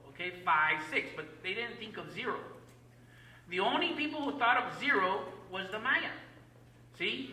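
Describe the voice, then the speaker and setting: Teacher, mid-pitched, emphatic lecture with call-and-response, roomy room, mic far off. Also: bright, forceful tone. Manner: emphatic, repeats key words, asks the class questions. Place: classroom.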